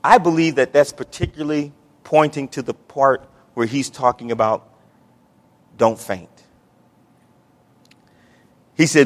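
A male pastor preaching a sermon, with dramatic swings from hushed, drawn-out lines to loud exclamations. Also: medium pitch, lively intonation.

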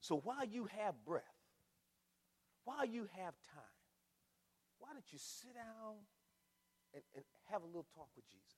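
An older male pastor preaches with a high, lively voice that swings widely as he builds through rhetorical questions and repeated phrases. His words ring out with a long reverb trailing through the church sanctuary. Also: normal speed, long pauses, breathy edge. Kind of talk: sermon.

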